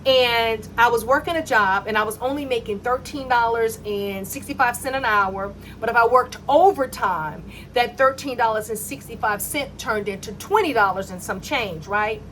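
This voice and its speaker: A middle-aged woman recounts her own faith story in a high, animated voice. She slips into the voices of the people in it as she goes. A faint room ambience sits under her speech. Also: moderate pace, few pauses, a little hiss or hum. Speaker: mother telling a personal faith story. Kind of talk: personal testimony storytelling.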